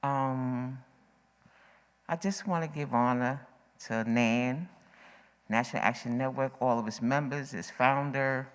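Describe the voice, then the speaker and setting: Low-voiced woman speaking with urgency. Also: measured pace, long pauses, clean tone. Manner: emphatic, repetitive, building to urgency. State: a little out of breath. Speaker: audience member speaking at a forum. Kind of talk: impassioned open-mic remarks. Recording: echoey hall.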